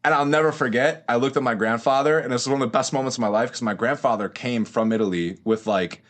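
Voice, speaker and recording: A man's voice: mid-range voice, steady tone, fast talker. A man in his twenties, a podcast guest, telling his story in casual slang, swearing and saying bro often. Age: 20s. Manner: slangy and profane, says bro a lot.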